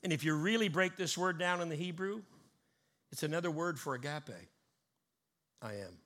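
A man's voice: on the high side, moderate pace, sharp tone. A man preaching a sermon to his congregation, building emphatic rising cadences and teaching word meanings. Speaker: pastor.

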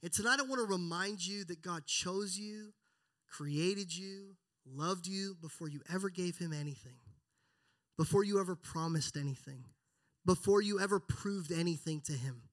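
A man's voice: high-pitched, normal speed. A man preaching a sermon, speaking earnestly and reading scripture aloud with feeling. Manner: earnest, builds then drops to hushed prayer.

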